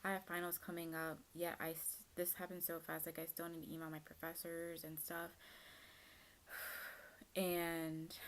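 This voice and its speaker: A young woman in her twenties telling a personal story in a chatty, casual way, full of fillers. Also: lowish voice. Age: young adult. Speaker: vlogger.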